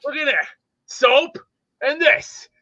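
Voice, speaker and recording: A man calling in to a sports show, talking in gruff, mock-annoyed bluster about being busy working. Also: very high-pitched, slow, sharp tone, dull audio. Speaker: regular caller. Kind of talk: joking banter on a video call.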